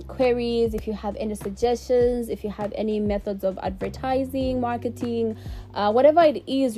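Emotional young woman podcast host. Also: a little high. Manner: emotional, laughing to hold back tears; warm and effusive, repeats thanks. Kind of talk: casual solo podcast outro.

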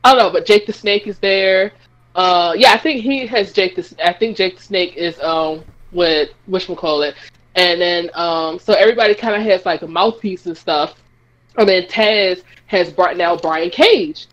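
A woman co-hosting a podcast in casual, profane chat, jumping into quick mimicked voices as she rants. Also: fairly low pitch, lo-fi sound. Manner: profane, animated, mimics voices mid-rant. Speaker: podcast co-host.

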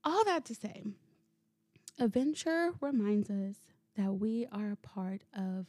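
A woman hosting a solo podcast, telling stories in a casual, animated way, swearing freely and laughing as she goes. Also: medium pitch, slow pace, no room sound. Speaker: podcast host. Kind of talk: casual solo storytelling monologue.

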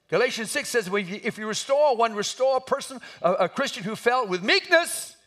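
A man preaching an impassioned sermon, building to shouts at the peaks of his points. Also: high-pitched, expressive, a little fast, few pauses.

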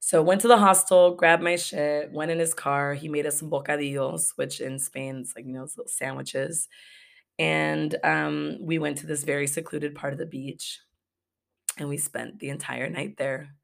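Brief: young woman podcast host, deep fry-heavy voice, blunt and profane story-time delivery. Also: fairly even intonation, normal speed. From Los Angeles, USA. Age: young adult. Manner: profane, candid, laughing storyteller. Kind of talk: casual story-time monologue.

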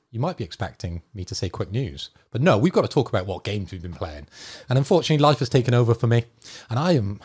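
A man's voice: mid-range voice, a little mellow, slightly rough. A man co-hosting a gaming podcast, bantering playfully in a mock-formal way. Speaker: podcast co-host. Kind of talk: casual chat.

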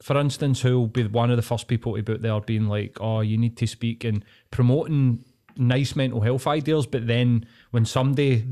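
A man hosting a casual podcast, ranting with lots of swearing and drawn-out pauses. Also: medium pitch, fairly even intonation, warm tone. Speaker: podcast host.

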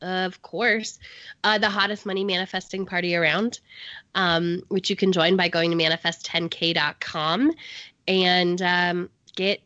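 Bright-voiced woman, rambling podcast host. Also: on the low side, flat delivery, a little slow, no echo, highs cut off. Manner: rambling, restarts, many fillers. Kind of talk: casual podcast chat.

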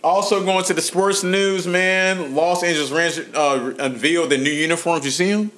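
A man's voice: a little high, fairly even intonation, normal speed, a bit bright. A man hosting a casual podcast chat, laid-back and slangy, laughing often. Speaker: podcast host.

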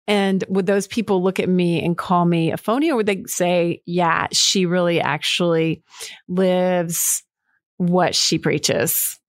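A woman's voice: lowish voice, no room sound. Middle-aged woman rambling on her own podcast, lots of "like" and "you know", dry close sound. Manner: candid, rambling, with frequent fillers and self-quotes. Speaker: podcast host. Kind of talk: reflective solo monologue.

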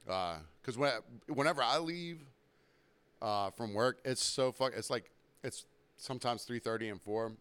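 Brief: young male podcast host, mid pitch, smooth tone, profane and self-mocking, slightly under the weather. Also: normal speed, a bit bright. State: recovering from illness, throat clearing. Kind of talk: casual storytelling monologue.

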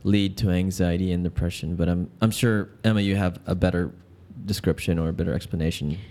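A man's voice: low-pitched, fairly even intonation, brisk, dark tone. A man co-hosting a casual podcast chat, joking around as he reads points from his notes. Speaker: podcast co-host.

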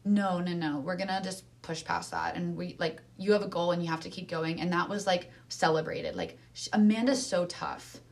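A woman speaking earnestly in casual conversation, using lots of filler words and lively emphasis. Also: fairly low pitch, fairly quick, creaky, hardly any pauses. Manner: earnest, animated, many fillers.

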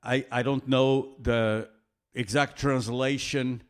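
A man preaching a sermon in a slow, earnest way, with an occasional soft laugh. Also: medium pitch, fairly even intonation.

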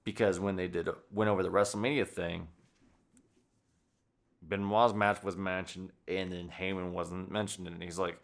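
A man hosting a podcast in casual chat, talking excitedly with lots of swearing and acting out quotes. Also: sits low, moderate pace, creaky. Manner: excited, profane, acts out quotes. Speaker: podcast host.

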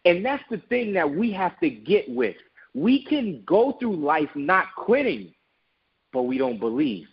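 A man's voice: high-pitched, very animated, measured pace, husky, highs cut off. A man who owns a business, telling an emphatic motivational story in an interview. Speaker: guest, business owner.

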